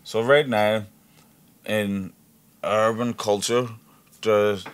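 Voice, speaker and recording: Animated man telling stories. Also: fairly low pitch, extremely slow, clean tone. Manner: animated storyteller who acts out quoted voices, swears freely. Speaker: podcast host. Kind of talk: casual chat.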